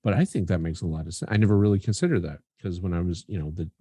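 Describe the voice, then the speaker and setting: Low, husky man joking on a podcast. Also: very fast, mellow, no room sound, studio quality. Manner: joking, rambling, swearing casually. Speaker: podcast co-host. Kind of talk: casual chat.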